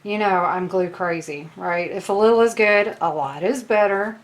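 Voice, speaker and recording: A woman's voice: medium pitch, moderate pace. Chatty Southern woman teaching a craft. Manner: chatty, self-deprecating, talks to viewers while working. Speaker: crafting video host. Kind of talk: casual craft tutorial.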